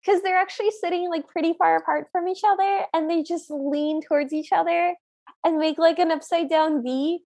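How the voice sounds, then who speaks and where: A woman's voice: very high voice, fairly even intonation, normal speed, darkish tone. A woman co-hosting a podcast, enthusiastically retelling film scenes in casual chat. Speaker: podcast co-host.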